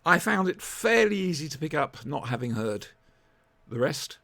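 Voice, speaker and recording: This man hosts a podcast in a loose, rambling way, with plenty of ums and restarts. His voice is gravelly, and his pitch moves a lot as he talks, rising and falling in lively swings. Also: normal speed, no echo. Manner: rambling, animated, many ums. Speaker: podcast host. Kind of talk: casual chat review.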